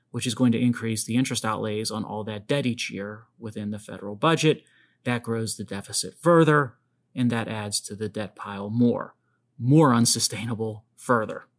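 A man hosting his own podcast, giving emphatic commentary and speaking straight to his listeners. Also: mid-range voice. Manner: emphatic, addresses listeners directly. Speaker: podcast host.

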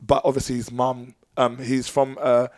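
A man's voice: medium pitch, flat delivery, normal speed, darkish tone, dry recording. Earnest rambling man, dry close mic. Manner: earnest, rambling with many fillers and restarts. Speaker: professional dancer and choreographer, guest. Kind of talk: casual podcast chat.

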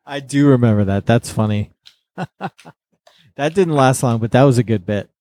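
Casting: young man, mellow warm tone, dry close mic, calm explainer in a podcast. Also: mid-range voice, normal speed, dry recording. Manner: patient, explaining and correcting. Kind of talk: casual chat.

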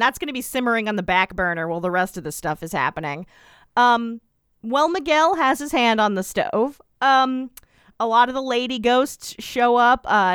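A woman's voice: fairly high pitch, a bit bright, smooth, no echo, studio quality. A woman co-hosting a podcast, retelling scenes in a wry, rambling way with lots of fillers. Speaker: podcast co-host. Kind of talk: casual recap chat.

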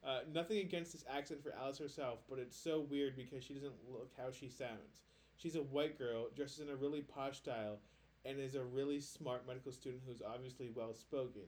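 A man's voice: mid-range voice, brisk, a little mellow. A man co-hosting a casual podcast, reading listener posts aloud and chatting loosely with lots of filler words. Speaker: podcast co-host.

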